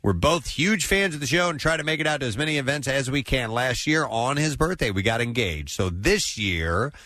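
A male radio host with an animated, up-and-down delivery, chatting and reading listener messages aloud. His voice sits close and dry, with no room sound around it. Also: medium pitch, moderate pace, no room sound. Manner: lively, reads listener shout-outs. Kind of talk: casual morning radio banter.

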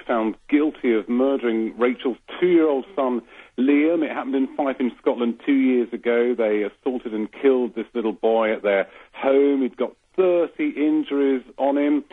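A man reporting the news to a radio host, measured and pausing with frequent fillers. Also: medium pitch. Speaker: radio correspondent. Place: London. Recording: tinny phone line.

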